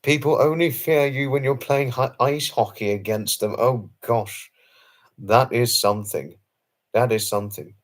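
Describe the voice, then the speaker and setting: Answering his viewers' chat during a late-night stream, a man speaks in a mid-range voice at a measured pace. He is effusive and formally earnest, often restating things and saying sorry.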